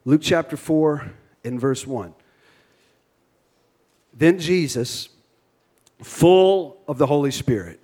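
A pastor with a Cajun accent preaching a sermon with energy, leading the congregation in call-and-response and cracking jokes. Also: male voice, a little high, animated, slow pace, long pauses, dark tone, slightly rough.

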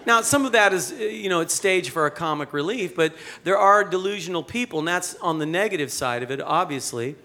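A man preaching a sermon in a conversational, animated way, mixing jokes with rhetorical questions. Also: high-pitched, brisk, hardly any pauses, slight background noise. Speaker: pastor.

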